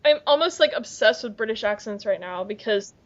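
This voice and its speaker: A woman's voice: a little high, lively intonation, a little fast. A young woman co-hosting a podcast in casual chat, rambling and giggling through stories. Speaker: podcast co-host. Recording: lo-fi muffled podcast audio.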